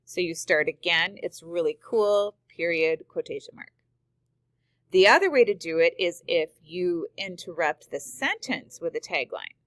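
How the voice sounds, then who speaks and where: A woman's voice: fairly low pitch, animated, unhurried, dry recording. A woman teacher explaining punctuation rules step by step, reading example sentences aloud. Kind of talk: screen-recorded grammar lesson.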